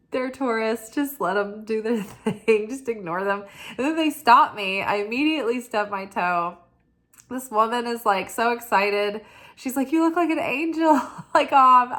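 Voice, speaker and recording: A woman's voice: on the high side, sharp tone. A tired woman hosting a weekly oracle forecast, chatting casually and mocking herself, with many "like"s. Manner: chatty and self-mocking, lots of "like". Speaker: spiritual oracle reader. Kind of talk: casual chat.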